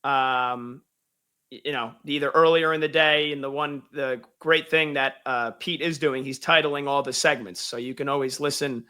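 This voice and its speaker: A man's voice: mid-range voice, fairly even intonation, moderate pace, bright, forceful tone, clean tone. A male radio host reading a pun-filled sports recap and then chatting casually as a guest. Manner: punchy, pun-laden delivery.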